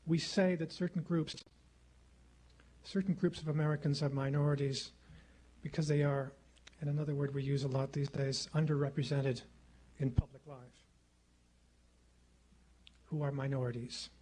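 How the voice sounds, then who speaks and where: Measured, husky-voiced man giving a lecture. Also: a little high, level tone, dark tone. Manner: measured, rhetorical, repeating phrases for effect. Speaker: guest lecturer. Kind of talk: formal public lecture. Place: lecture hall. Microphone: podium microphone.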